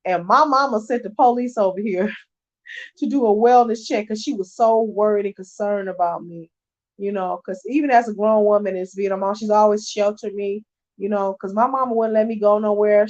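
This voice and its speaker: A woman's voice: mid-range voice, steady tone, moderate pace, a little mellow. Emphatic middle-aged woman, dull lo-fi. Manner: emphatic, conversational, keeps asking "you know what I'm saying". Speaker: early-childhood teacher. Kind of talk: casual talk to camera. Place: resting in her bed at home.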